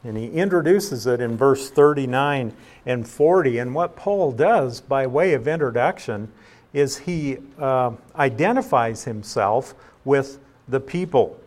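A man's voice: medium pitch, lively intonation, measured pace, darkish tone. A man teaching through scripture verse by verse, as a pastor at an evening study. He reads each passage aloud, then explains it in an easy, conversational manner with a mid-range voice.

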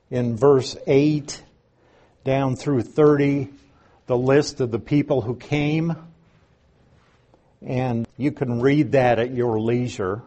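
A man giving a Bible lesson in an unhurried, explanatory way, reading scripture aloud and stressing key words, with a few dry asides. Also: mid-range voice, warm tone. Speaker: Bible teacher. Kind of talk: Bible teaching.

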